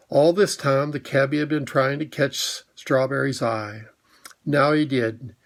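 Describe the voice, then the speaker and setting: A man narrating a children's story in a measured, even storytelling manner. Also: mid-range voice, gravelly. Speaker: audiobook narrator. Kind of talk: storybook reading.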